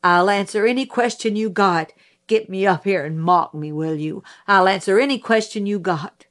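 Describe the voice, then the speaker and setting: A woman voicing a young, poor female witness who is defensive, flustered and quick to anger, stumbling over her answers. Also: mid-range voice, natural voice. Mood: angry.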